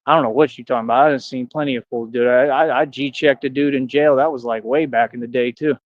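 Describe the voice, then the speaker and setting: A man's voice: medium pitch, steady tone, fast talker, no room sound. Confrontational guy ranting at his chat, slangy and cocky, kinda muffled lo-fi stream audio. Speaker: livestreamer. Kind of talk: casual livestream rant to chat.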